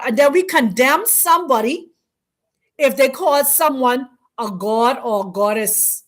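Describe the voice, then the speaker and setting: A woman hosting a spiritual teaching talk, speaking in an emphatic, preacherly way with repeated, drawn-out phrases. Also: sits high, lively intonation. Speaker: host.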